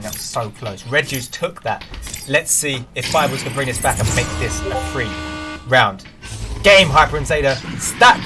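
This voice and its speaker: A man casting an esports match play-by-play, close to the mic, chatting to viewers and jumping into loud bursts on big plays. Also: mid-range voice. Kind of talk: play-by-play commentary.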